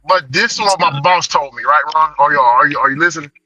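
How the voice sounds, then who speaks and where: A man spins a story from behind the wheel in a sharp, forceful voice pitched high for a man. He stumbles over repeated words and slips into the voices of others. He sits a little back from the mic, with faint music behind him. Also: fast, recorded from a distance, highs cut off. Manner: animated, repeats words, acts out quoted voices. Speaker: delivery driver telling a story. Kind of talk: casual storytelling vlog.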